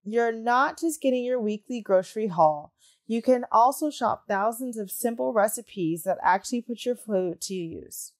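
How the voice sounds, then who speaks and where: Give me a slightly high-voiced woman doing an upbeat scripted ad read. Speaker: podcast host reading an ad.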